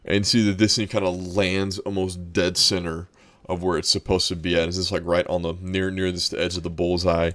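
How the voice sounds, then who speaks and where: Deep voiced guy running a tabletop game, rambly, lots of restarts. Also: level tone, brisk, a bit bright, no echo. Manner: rambling, descriptive, many restarts. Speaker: game master.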